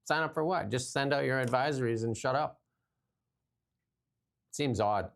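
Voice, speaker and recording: A man's voice: medium pitch, moderate pace, vocal fry. A man hosting a political talk show, talking bluntly and animatedly in casual chat with frequent laughs. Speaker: show host.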